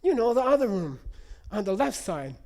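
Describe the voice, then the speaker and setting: A man putting on an excited older Tibetan lama who asks eager, wide-eyed questions. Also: sits high, moderate pace, voice pushed up. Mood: delighted.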